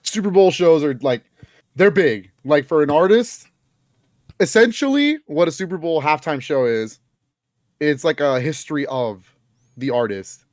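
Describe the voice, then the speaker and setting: A fairly high-voiced man chatting on a podcast, animated and quick to laugh as he tells stories. The sound is dry and close, with no room around it. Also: dry recording. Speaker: podcast co-host. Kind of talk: casual chat.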